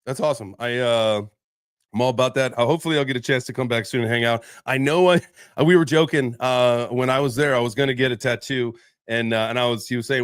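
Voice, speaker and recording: A man's voice: mid-range voice, fast talker, clean tone, dry recording, studio quality. A man hosting a casual live crypto chat, laid-back and chatty, greeting guests as brother. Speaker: host.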